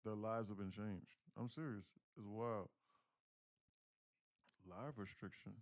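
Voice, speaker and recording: A young man day-trading on a livestream, chatting casually and profanely with viewers, telling stories loudly and excitedly. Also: fairly low pitch, slow pace. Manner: profane, animated storytelling, gets loud and excited.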